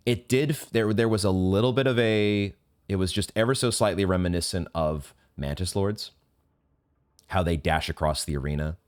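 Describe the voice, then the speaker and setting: A young man giving emotional live commentary on a video game, exclaiming often and reading game text aloud slowly. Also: deep voice. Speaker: let's play gamer. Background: game music.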